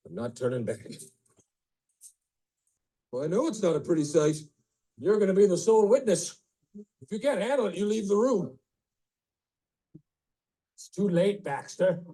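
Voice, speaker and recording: An actor playing a pompous, self-pitying male newsman in a film comedy scene, speaking with a dark, mellow voice and melodramatic, questioning tone. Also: high voice, lively intonation, normal speed, long pauses, poor audio. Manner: melodramatic, ends statements like questions.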